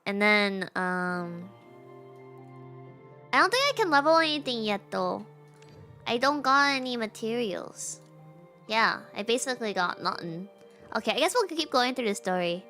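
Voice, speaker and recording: A woman's voice: fairly high pitch, sing-song, unhurried, long pauses, sharp tone, faint music behind. A young woman streaming a game, chatting casually and reading the story aloud with self-mocking asides.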